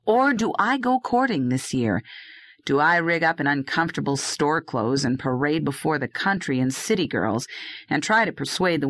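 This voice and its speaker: A woman's voice: low-pitched, no echo. A woman voicing a rugged young male herb harvester who chides and coaxes his dog. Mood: anxious. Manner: earnest, chiding, talks to his dog. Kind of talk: audiobook dialogue reading.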